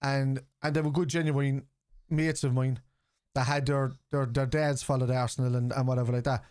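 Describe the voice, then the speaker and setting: Speaking at a moderate pace in a flat, medium-pitched voice that's a little mellow, clear and resonant, a middle-aged man from Ireland hosts a live football watchalong. He's chatty and sweary, reacting to play and answering viewers in chat. The audio is clean studio sound without echo.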